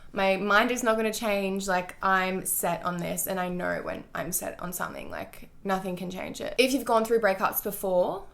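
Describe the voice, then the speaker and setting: A woman's voice: medium pitch, vocal fry, a bit bright. A young woman telling a personal storytime to her vlog viewers, candid and full of "like" fillers and swearing. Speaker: vlogger.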